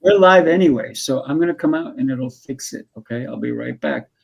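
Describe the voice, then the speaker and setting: A man's voice: medium pitch, brisk, vocal fry, rough recording. A man hosting a live online show, chatting in a loose, playful way. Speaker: show host. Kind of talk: casual live video-call chat.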